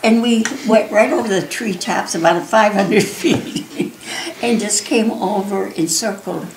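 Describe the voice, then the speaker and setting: An older woman telling a personal story, lively and often laughing, with many restarts. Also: mid-range voice, a little slow, slight background noise. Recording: roomy echo, faint ambience.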